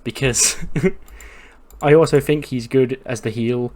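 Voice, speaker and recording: A gaming YouTuber casually narrates a wrestling game let's-play, swearing and chuckling as he books matches. His mid-range voice holds a steady tone, slow and a little mellow.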